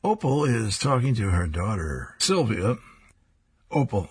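A man's voice: fairly low pitch, sing-song, a little slow, darkish tone, slightly rough. A man reading comic strips aloud and describing each panel, chuckling between strips.

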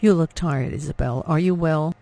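A warm old Frenchwoman sheltering airmen in an audiobook, as a male narrator puts her on. She sounds worried, with a raised, gravelly voice. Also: fairly high pitch, moderate pace. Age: older.

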